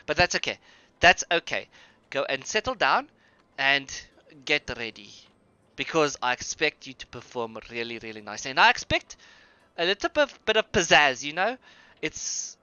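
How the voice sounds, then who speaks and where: A man's voice: medium pitch, pushed and bright, no echo, dull audio. A man voicing a friendly, chatty young female tavern keeper who gushes over her guests. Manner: gushing, chatty, overly welcoming.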